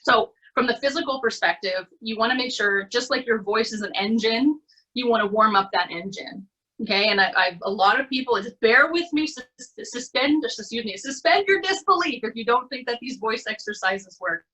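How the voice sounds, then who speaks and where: Canadian woman, coach on a video call, bright tone with some huskiness, friendly and conversational, keeps checking in. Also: on the high side, lively intonation, moderate pace, slightly rough, rough recording. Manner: encouraging, conversational, with frequent "okay?" check-ins. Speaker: presentation skills coach. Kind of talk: online workshop talk. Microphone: computer mic on a video call.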